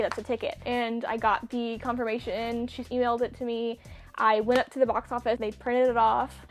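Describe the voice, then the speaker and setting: In a slightly high voice, a young woman shares a personal story on her vlog, animated and casual. Laughter comes often, and she imitates what others said.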